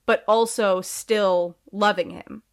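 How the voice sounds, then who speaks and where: A woman's voice: mid-range voice, fairly even intonation, slow, clear, resonant tone. A woman co-hosting a podcast in casual chat, rambling off on tangents with sarcastic asides. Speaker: podcast co-host.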